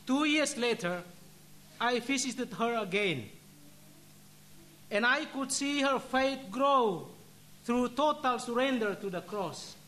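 Man with a high voice preaching slow and solemn, a brother sharing a story in a sermon. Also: animated, bright, forceful tone. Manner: solemn, deliberate, measured delivery. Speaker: religious brother giving a reflection. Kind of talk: sermon with a personal story and a closing prayer.

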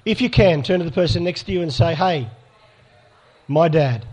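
A man's voice: on the high side, animated, moderate pace, a little mellow. Man leading a church workshop. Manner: pastoral and direct, asks audience for hands up. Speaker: speaker at a church conference. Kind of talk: live workshop talk to an audience.

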